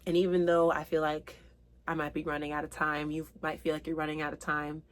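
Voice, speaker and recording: A woman with a somewhat low voice gives a spiritual tarot reading straight to her viewers. She speaks earnestly and with open emotion, slowing down to read each card's meaning aloud. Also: monotone. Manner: reads card meanings aloud slowly. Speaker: tarot reader.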